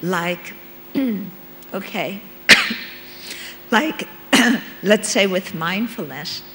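A woman's voice: mid-range voice, sharp tone. A woman giving a conversational dharma talk as a meditation teacher, checking in with her listeners as she explains. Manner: unhurried, checks in with listeners with "okay?". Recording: long reverb in a hall, faint hum.

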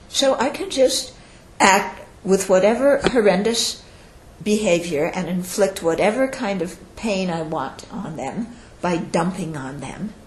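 A woman with a medium-pitched voice is heard in a low-quality recording with a roomy sound. She gives an audience a dharma talk, teaching Buddhism conversationally and checking in with listeners frequently. Her quoted speech is performed with lively changes in her voice.

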